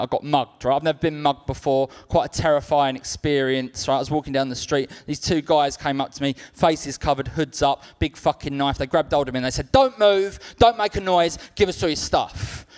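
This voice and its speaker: A young man doing a stand-up comedy set on a club stage, telling stories deadpan and acting out other people's lines. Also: mid-range voice, clean tone. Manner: acts out others' lines in quick-switching voices.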